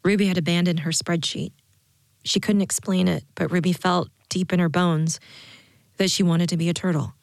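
A woman narrating a story in a calm, measured audiobook style. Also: on the low side, creaky, no room sound, studio quality.

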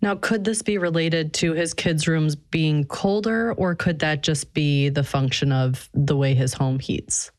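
A woman hosting a home improvement call-in radio show, greeting callers and steering the questions briskly. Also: low voice, a little mellow.

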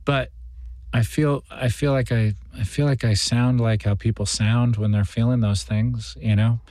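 A male actor speaking in an interview and working through his thoughts with fillers and restarts. His voice is of medium pitch, and the sound is dry and close. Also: fairly even intonation, unhurried, a little mellow, no room sound. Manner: reflective, rambling, many fillers and restarts. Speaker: guest actor. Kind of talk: interview conversation.

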